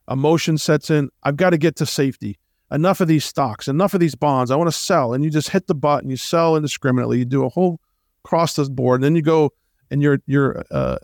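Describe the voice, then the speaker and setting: A man's voice: fairly high pitch, a little mellow, dry recording, clean studio sound. A man hosting a retirement planning show, making his case in a persuasive radio monologue full of rhetorical questions and asides to the listeners.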